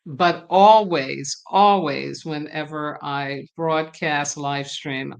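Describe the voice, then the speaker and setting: A slow, unhurried woman with a New York accent, a little tired, speaking as a spiritual teacher on an unscripted live stream. She leads a prayer of invocation, repeating its phrases as she goes. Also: deep voice, fairly bright tone.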